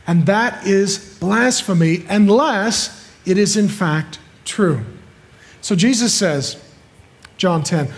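A man's voice: sits high, expressive, measured pace. A man preaching a sermon as a pastor, emphatic and repeating his points with rhetorical questions.

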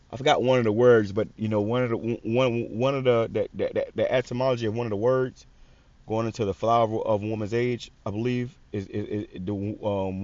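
A man's voice: fairly low pitch, darkish tone, no room sound. A man hosting a casual commentary video, reading scripture and viewer comments in a blunt, profane way with many stammered restarts. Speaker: religious commentary channel host. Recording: dry, dull lo-fi sound.

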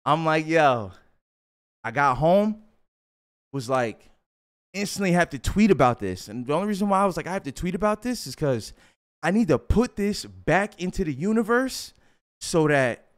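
A young man telling a casual storytime, animated and slangy, often repeating himself. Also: fairly high pitch, clean tone.

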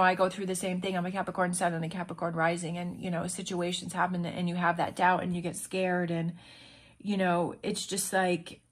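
A woman giving a casual tarot reading, talking in an earnest, encouraging way with many restarts and fillers, and sounding emotional. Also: on the low side. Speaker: tarot reader.

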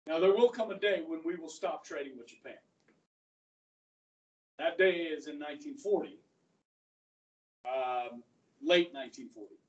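Male teacher, lively lecture, acts out quotes, fairly high voice, echoey classroom, recorded from far off. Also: normal speed, long pauses, muffled recording. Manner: conversational, asks the class questions, acts out quotes. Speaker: history teacher. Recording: roomy classroom audio from far off.

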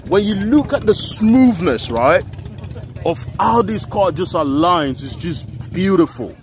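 A man excitedly showing off cars at an outdoor car meet, talking to the camera. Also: on the high side, slight background noise. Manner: playful, exclaiming, talking to the camera. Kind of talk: excited walk-around vlog.

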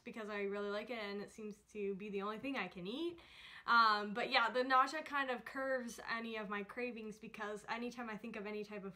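A woman's voice: fairly high pitch, pushed and bright. A young woman talking casually in a chatty vlog, with many fillers, feeling nauseous. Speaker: vlogger.

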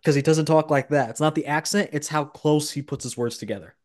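A man's voice: a little high, fairly quick. Opinionated man hosting a casual podcast. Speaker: podcast host. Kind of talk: casual chat.

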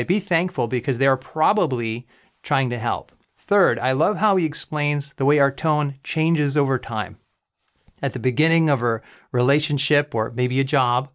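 A man, a communication coach, giving calm, clear educational commentary on a comedy clip. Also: mid-range voice.

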